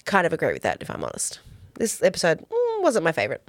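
A woman's voice: on the low side, huge pitch swings, fast talker, no room sound, clean studio sound. Giggly woman podcast co-host. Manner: giggly, chatty, reads out quotes. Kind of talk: casual chat reviewing a TV show.

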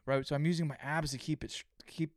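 A man's voice: fairly high pitch, fast, no echo, clean studio sound. A young man hosting a solo podcast, telling stories with heavy swearing and acting out his own thoughts. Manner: profane, animated storytelling, acts out his own inner voice. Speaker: podcast host.

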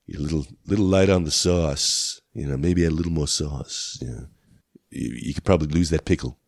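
A spaced-out stoner tasting a burger, drawling in a deep, low mumble, as a man puts him on. The voice is quiet and unhurried, and the recording is dry and close. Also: dry recording. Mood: dazed. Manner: slow, drawling, laid-back. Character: mellow stoned male burger taster.

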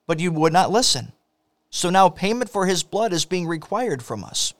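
A man's voice: high-pitched, big pitch swings, normal speed, a bit bright, dry recording, heavily acted. A man reading the part of an earnest elder brother pleading in a scripture story, in his own voice.

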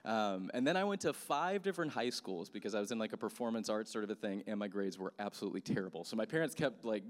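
A man's voice: lowish voice, quick pace, few pauses. A man in his thirties telling a personal story as a sermon, speaking casually with many fillers. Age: 30s. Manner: conversational, animated, many fillers. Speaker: pastor. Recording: long hall reverb.

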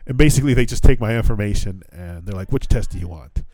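A man's voice: on the low side, animated, quick pace, warm tone, dry recording. A man, a podcast host in his thirties from the United States, telling a long travel story in casual chat, swearing often and acting out both sides of the conversations. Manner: profane storytelling with laughs and quoted dialogue.

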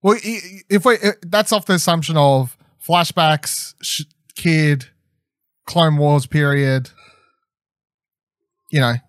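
This young man, co-hosting a podcast about a TV episode, talks casually and enthusiastically, rambling with plenty of fillers and restarts. His voice sits on the high side and is fairly bright, slow and often pausing. The studio-quality audio has no room sound.

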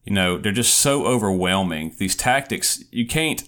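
Man, very low voice, gaming podcast co-host, unhurried, thinks aloud. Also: animated, fairly bright tone. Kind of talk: casual chat.

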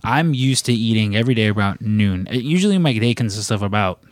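A man's voice: fairly low pitch, animated, quick pace. A man co-hosting a podcast, chatting casually with lots of "like" and restarts, joking around. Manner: rambling, many fillers and restarts, jokey. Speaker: podcast co-host. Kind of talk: casual chat.

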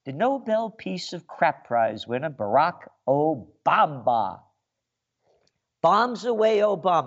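A man with a somewhat high, wildly swinging voice fires off a slow, sarcastic radio rant full of insults. The sound is dull and lo-fi, like an old broadcast line. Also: big pitch swings. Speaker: radio host. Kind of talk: ranting radio monologue.

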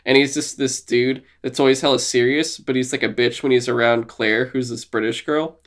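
A man's voice: medium pitch, moderate pace. Young guy gushing on a podcast, swears constantly, keeps laughing and doing goofy voices. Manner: excited, swears a lot, laughs often, acts out quotes in silly voices. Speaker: podcast co-host. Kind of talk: casual chat.

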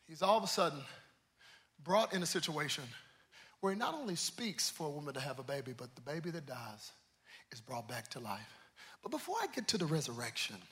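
A man preaching a sermon, calling out to the congregation and swinging from hushed, low asides to shouted climaxes. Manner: preaching with call-and-response, swinging from quiet to shouting. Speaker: pastor.

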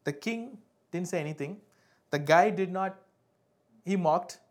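A man preaches a sermon. His delivery jumps between loud emphatic peaks and hushed, slowed phrases. He keeps checking in with the congregation for answers. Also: high voice. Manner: asks the congregation for responses. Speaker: pastor.

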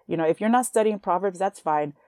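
A young woman hosting a Christian podcast, talking earnestly and warmly to her listeners as sisters, at times emotional. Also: fairly low pitch, fast talker, no echo, studio quality. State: emotional, near tears. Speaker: podcast host. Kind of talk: faith podcast encouragement.

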